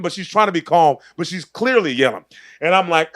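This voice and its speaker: A man's voice: high-pitched, moderate pace, fairly bright tone, no room sound, studio quality. A man in his thirties, a comedian guest on a podcast, telling a story with lots of energy, acting out the people in it and laughing as he goes. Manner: acts out other people's voices, laughs through the story.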